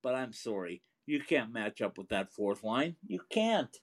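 A man's voice: mid-range voice, sing-song, measured pace. A man co-hosting a casual hockey talk show, chatty and laughing as he tells stories. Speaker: hockey broadcaster, co-host.

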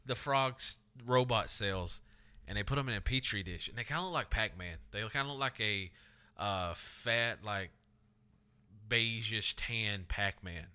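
Young guy on a podcast, super bright crisp voice, loose storytelling. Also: lowish voice, unhurried. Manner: storytelling, swearing, acts out quoted voices. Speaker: podcast co-host. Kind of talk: casual chat.

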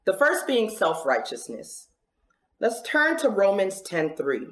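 A woman delivers a sermon with lively, conversational energy, her voice climbing and dropping as she drives each point home. Her voice is mid-pitched for a woman. The sound has a noticeable roomy echo around it. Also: slow pace. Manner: animated, conversational preaching with swings in pitch and volume. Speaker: preacher.

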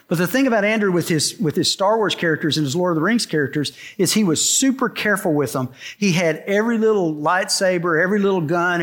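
A middle-aged man preaching a sermon to a congregation, in an emphatic style that repeats its key lines. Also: high voice. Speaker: pastor. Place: church sanctuary before a congregation.

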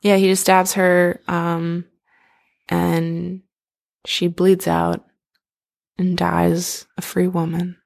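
A woman's voice: lowish voice, completely flat delivery, extremely slow, vocal fry, pauses often, a little mellow. A young woman casually retelling a story in a loose chat, filling her sentences with "like" and "um". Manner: loose, filler-heavy retelling with lots of "like". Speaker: storyteller retelling an opera plot.

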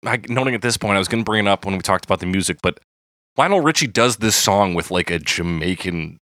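A man's voice: lowish voice, fast, no room sound, studio quality. A man co-hosting a podcast, chatting casually and animatedly about a song. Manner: animated, laughing, reads lyrics aloud. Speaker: podcast co-host. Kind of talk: casual chat about music.

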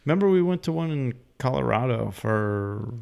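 A man co-hosting a podcast, chiming in with quick casual banter. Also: mid-range voice, animated, gravelly, a little mellow, clean tone. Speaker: podcast co-host. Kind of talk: casual chat.

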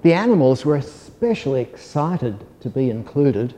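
A man reads a children's storybook aloud in a soft, gentle and measured voice. His tone is mellow and dark, and a long hall reverb trails after each phrase. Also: mid-range voice, very animated.

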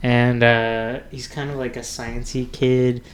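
A man's voice: mid-range voice, level tone, slow, smooth. A man co-hosting a podcast, laid-back and joking in casual chat, with many fillers.

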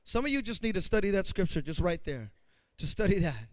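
A middle-aged man preaching a sermon as pastor, emphatic, swinging from intimate asides to booming declarations. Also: very animated, a little fast, dry recording.

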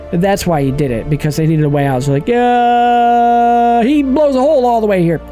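A man in a casual movie discussion, recapping the plot in a rambling, animated way. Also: on the high side.

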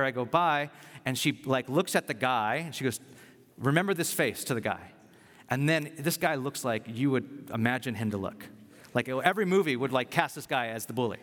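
A male pastor giving a sermon, conversational and animated as he tells a personal story. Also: mid-range voice. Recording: long reverb of a large hall.

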